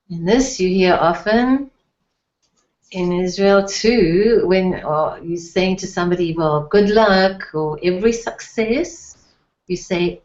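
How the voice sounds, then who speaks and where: A woman teaching everyday phrases in a language lesson, slowly repeating each word with care. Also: fairly low pitch, a little mellow. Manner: slow, careful repetition of phrases. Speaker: Hebrew teacher. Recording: echoey, dull lo-fi room sound.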